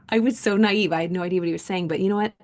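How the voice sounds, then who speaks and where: Female coach, creaky fry in her voice, reads passages and then riffs in chatty, filler-heavy storytelling. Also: fairly low pitch, a little mellow. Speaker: self-development coach. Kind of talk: reading a book aloud with casual commentary.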